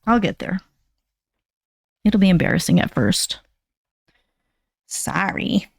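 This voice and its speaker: Brief: woman, 60s, livestream host, rambling and self-deprecating, mid pitch, dry close sound. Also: very animated, slow, creaky, breathy edge, dry recording. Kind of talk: casual livestream chat.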